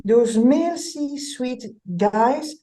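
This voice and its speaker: A woman from Belgium, an executive coach telling stories in a conversational interview, animated and restarting her words often. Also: sits high, drawn-out words, poor audio.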